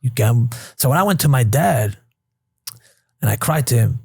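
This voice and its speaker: A man's voice: mid-range voice, lively intonation, moderate pace, creaky, a little mellow, slightly rough, no room sound, clean studio sound. A man in his thirties from New York, a podcast guest talking earnestly and emotionally, repeating himself when moved. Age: 30s. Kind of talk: casual interview chat.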